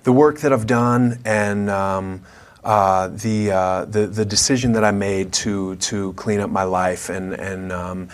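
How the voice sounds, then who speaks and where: A man answering interview questions haltingly, with many pauses and restarts. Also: on the low side, fairly even intonation. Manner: halting, full of fillers and restarts. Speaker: actor being interviewed.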